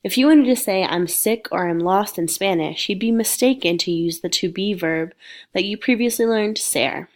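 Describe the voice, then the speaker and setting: A woman's voice: mid-range voice, moderate pace. Woman teaching with a sniffly cold. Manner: clear, patient explaining. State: sick with sniffles. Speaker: Spanish teacher. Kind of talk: recorded lecture.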